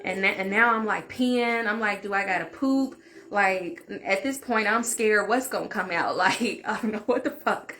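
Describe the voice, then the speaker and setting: A woman vlogger tells a personal story in a loose, chatty way, often saying "like". Her voice is mid-pitched and unremarkable in its height. Faint music plays softly behind her. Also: normal speed, few pauses. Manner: chatty, open, fills speech with "like". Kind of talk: casual story time.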